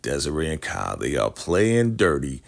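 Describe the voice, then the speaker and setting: A man with a very deep, low-pitched voice recaps a TV episode for his channel. He talks in a loose, chatty way and keeps checking in with "right?". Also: big pitch swings, moderate pace, gravelly. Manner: chatty, keeps asking "right?", acts out quotes. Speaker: show recapper.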